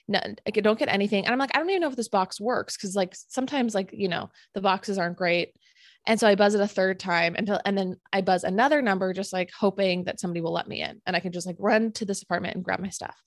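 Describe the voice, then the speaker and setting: A young woman co-hosting a podcast, telling a story in a casual, animated way, full of fillers and acted-out quotes. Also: mid-range voice, fast talker, no room sound. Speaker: podcast co-host.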